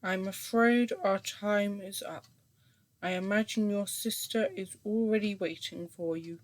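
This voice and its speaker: A woman voicing a calm, condescending male hypnotherapist in a story reading, talking in a slow, soothing, coaxing way. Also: medium pitch, close to an everyday voice.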